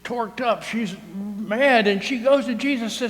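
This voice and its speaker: A male priest preaches in a chatty, teasing manner and keeps checking in with the congregation. His voice sits fairly high. It rings with the long reverb of a church. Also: brisk, hardly any pauses. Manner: conversational, teasing, keeps asking "right?". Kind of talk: sermon. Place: church sanctuary.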